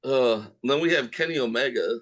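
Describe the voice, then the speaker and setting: Young dude cohost, mid voice, laughs a lot, swears, teasing banter. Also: male voice, mid-range voice, moderate pace, fairly bright tone. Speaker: podcast co-host. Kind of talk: casual chat.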